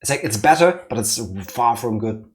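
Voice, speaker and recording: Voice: medium pitch, animated, normal speed. A host teasing the co-host and laughing often during a let's play, with game music faint behind.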